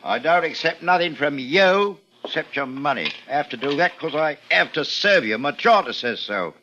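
A man's voice: a little high, animated, normal speed, bright, forceful tone, dull audio, a little hiss or hum. A man playing a curt, stern tavern keeper. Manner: curt and blunt. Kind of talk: radio drama acting.

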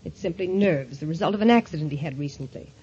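An actress playing a devoted, stubborn young wife, speaking in an emotional, pleading, insistent way, 1940s radio acting style. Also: female voice, low voice, animated, fast, dark tone, a little hiss or hum. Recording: dull lo-fi old radio recording.

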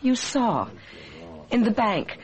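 A woman's voice: a little high, big pitch swings, slow pace. An earnest, haunted ageless girl. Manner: earnest and pleading. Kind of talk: vintage radio drama acting.

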